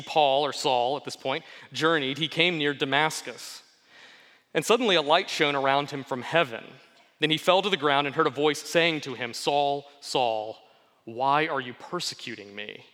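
Bright-voiced preacher man in a reverberant hall. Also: medium pitch. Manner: earnest, steady preaching with pauses for emphasis. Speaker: pastor. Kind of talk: sermon with scripture reading.

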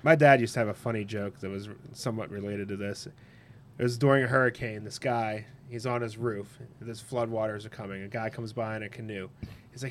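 A man's voice: lowish voice, fairly even intonation, brisk, slight background noise. A man on a casual podcast giving blunt opinions and telling a joke with little voices. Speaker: podcast co-host. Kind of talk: casual chat.

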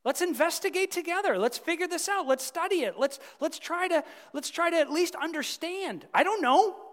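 A man's voice: extremely high pitch, lively intonation, normal speed, a bit bright, in a large hall, voice pushed up. A man voicing an earnest male apostle who coaxes a friend to come and find out together. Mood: eager. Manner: earnest, coaxing, repetitive. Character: eager gentle male apostle inviting inquiry.

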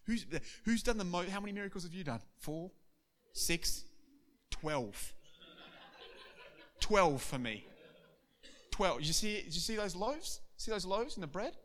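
A preacher doing a bragging disciple. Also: male voice, high voice, sing-song, fairly bright tone, voice pushed up, exaggerated voice. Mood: boastful. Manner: rapid one-upping brags. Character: boastful male disciple bragging about miracles.

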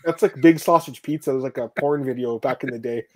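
A man hosting a casual podcast over a live video call, talking fast, cursing and laughing often. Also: mid-range voice, a crowd in the background. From Canada. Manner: fast, profane, laughs a lot. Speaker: podcast host.

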